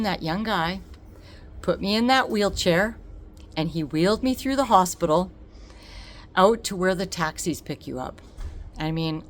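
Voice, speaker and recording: A woman telling a personal story on her vlog, emotional and expressive, laughing often. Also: lowish voice, a little hiss or hum. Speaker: vlogger.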